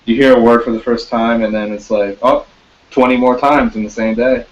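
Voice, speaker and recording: A man chatting loosely, stumbling through restarts and swearing freely. His voice sits in an ordinary middle pitch. The recording is dull and lo-fi. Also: fairly even intonation. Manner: rambling, halting, swears freely. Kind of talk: casual chat. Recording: dull lo-fi sound.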